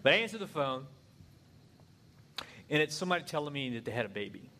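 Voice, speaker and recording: A man from giving a humorous marriage talk, telling stories and jumping into high voices for the people he quotes. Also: very animated, fast, sharp tone, a little hiss or hum. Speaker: marriage seminar speaker. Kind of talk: humorous sermon-style talk with acted anecdotes.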